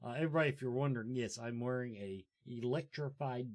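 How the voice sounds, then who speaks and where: A man hosting a casual talk show, joking and rambling in a loose, animated way. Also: mid-range voice, quick pace. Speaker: show host. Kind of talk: casual chat.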